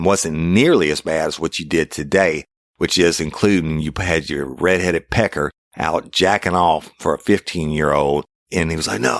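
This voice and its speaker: A man's voice: a bass voice, steady tone, brisk, a bit bright, dry recording, clean studio sound. A middle-aged man, a podcast host and former detective telling a crime story in blunt, profane language and acting out his own lines.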